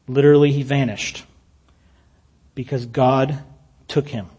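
A man's voice: medium pitch, fairly even intonation, a little slow. A man preaching a sermon, reading scripture aloud with emphatic rises and falls and dry humorous asides. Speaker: pastor.

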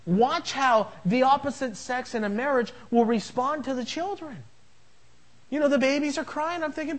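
The audio quality is poor as a middle-aged man delivers a sermon at normal speed in a very high-pitched voice. A pastor, he shares funny family anecdotes and performs each side of the conversations.

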